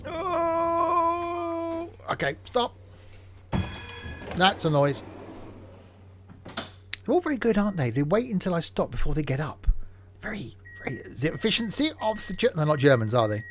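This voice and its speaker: A man's voice: on the high side, big pitch swings, fast talker. Chatty man narrating gameplay. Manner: chatty, jokey, narrates his own driving. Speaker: streamer. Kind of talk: casual gameplay commentary. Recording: game vehicle noise in background.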